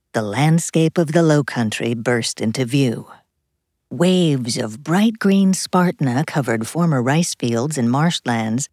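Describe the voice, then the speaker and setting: A woman narrating a novel as an audiobook, in expressive, measured storytelling. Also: extremely low pitch, no echo, clean studio sound. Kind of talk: scripted narration.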